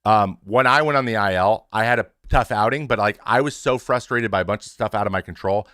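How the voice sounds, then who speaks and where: A man in his thirties, a former pitcher hosting his show, speaking frankly and casually to his stream audience, with swearing and many restarts. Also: brisk, sharp tone, no room sound, clean studio sound.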